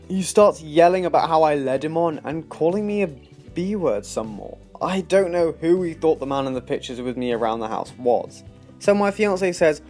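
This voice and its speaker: A man with a British accent narrating a forum story in a steady, scripted read. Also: on the high side, moderate pace. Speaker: story reader. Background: faint background music.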